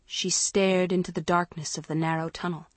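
A woman narrating an audiobook in a slow, measured suspense reading. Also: on the low side, little pitch movement, no echo. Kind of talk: scripted narration.

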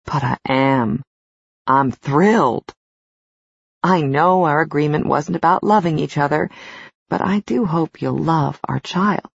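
Woman voicing a soft-spoken young wife. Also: low-pitched, takes it slowly, gravelly, breathy edge, no room sound, full character voice. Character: pregnant young wife in a romance novel. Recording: slightly dull, dry studio recording.

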